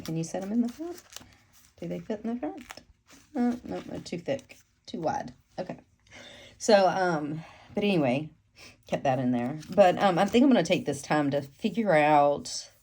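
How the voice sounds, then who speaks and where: A woman's voice: deep voice, dark tone, slight background noise. A woman with a stuffy cold, chatting casually in a rambling way with lots of ums as she shows her planner at home. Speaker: planner vlogger. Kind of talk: casual chatty show-and-tell. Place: home room with ring light and window.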